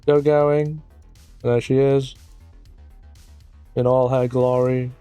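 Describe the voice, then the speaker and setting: Chill guy doing a jokey anime episode breakdown, warm low-key voice, dry sound. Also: little pitch movement, takes it slowly, clean tone, no room sound, faint music behind. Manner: playful, mimics characters in silly voices. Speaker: anime reviewer. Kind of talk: casual episode commentary.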